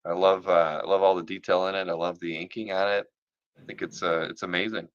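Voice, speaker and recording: A man's voice: sits low, level tone, a little fast, no echo, dull audio. A man hosting a casual chat about comic art, rambling with many fillers and restarts, and losing his voice. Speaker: podcast host.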